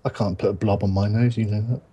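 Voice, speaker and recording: A man chatting casually on a podcast, telling stories with relaxed deadpan quips. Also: fairly low pitch, quick pace, husky. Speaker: podcast co-host. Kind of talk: casual group podcast chat.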